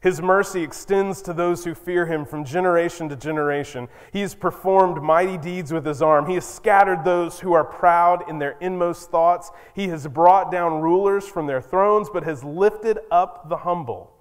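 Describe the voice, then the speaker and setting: A man's voice: high voice, moderate pace, hardly any pauses, clear, resonant tone. A male pastor preaching a sermon in a conversational, storytelling way with emphatic moments. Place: church sanctuary. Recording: long reverb in a church.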